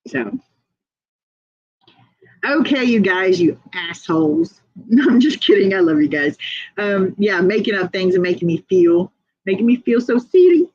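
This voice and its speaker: A woman's voice: mid-range voice, sing-song, measured pace, long pauses, a little mellow, dry recording, highs cut off. A woman hosting a casual livestream, chatting, laughing often and reading viewer comments aloud. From United States. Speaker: livestream host.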